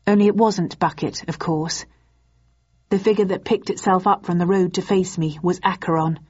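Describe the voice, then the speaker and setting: A woman reading a first-person novel aloud in a measured, even storytelling manner. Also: on the low side, slightly rough, muffled recording. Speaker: audiobook narrator.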